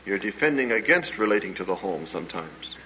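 A man's voice: fairly low pitch, very animated, bright, forceful tone. Earnest man preaching on an old recording. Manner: earnest, measured storytelling with hesitations. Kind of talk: sermon-style talk with anecdotes. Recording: dull lo-fi old recording with faint hiss.

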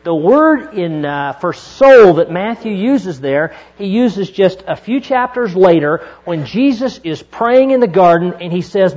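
A middle-aged male pastor preaching a sermon, moving from hushed storytelling to fervent exhortation. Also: sits high, lively intonation, normal speed. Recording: dull lo-fi recording.

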